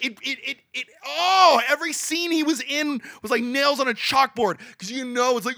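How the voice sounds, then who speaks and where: A man co-hosting a podcast, ranting in casual movie review chat, exasperated and swearing, with quick voiced impressions. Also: extremely high pitch, pushed and bright, no echo, clean studio sound. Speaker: podcast co-host.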